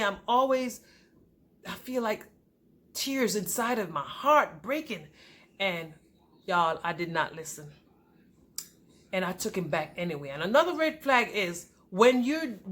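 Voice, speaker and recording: A woman vlogger telling her own relationship story to her viewers, candid and conversational, with sharp jumps in pitch and loudness as her feelings rise. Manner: pitch and volume swing widely with emotion. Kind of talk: personal storytelling to camera.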